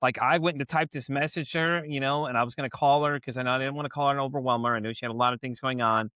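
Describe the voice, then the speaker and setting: Fast-talking Texan man hosting a podcast. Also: medium pitch, clean tone, dry recording, clean studio sound. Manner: animated storyteller, swears, acts out his own reactions. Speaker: podcast host. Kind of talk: casual interview chat.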